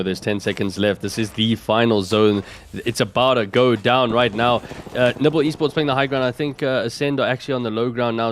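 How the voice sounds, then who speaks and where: A man with a South African accent giving esports color commentary, breaking down plays in a measured way with frequent fillers. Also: on the low side, slight background noise. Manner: measured analysis with many fillers. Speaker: esports co-caster.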